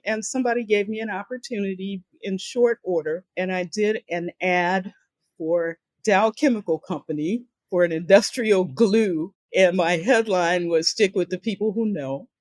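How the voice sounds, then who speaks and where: A woman's voice: on the low side, normal speed, no room sound. An older woman, a guest on a podcast, tells stories from her career and acts out the voices of the people she quotes. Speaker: guest speaker and author. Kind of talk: storytelling in a podcast interview.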